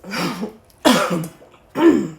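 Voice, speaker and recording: A woman vents in a long vlog rant. She talks slowly and deliberately, leaning hard on her words and acting out other people's lines in her own voice. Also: medium pitch, sing-song, creaky. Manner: slow, emphatic venting with acted-out quotes. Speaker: vlogger. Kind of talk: ranting monologue.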